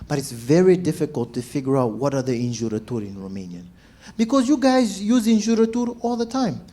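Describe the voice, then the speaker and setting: Animated stand-up man. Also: a little high, brisk. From Zambia. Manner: animated, acts out shouts and quotes. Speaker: stand-up comedian. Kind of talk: stand-up storytelling.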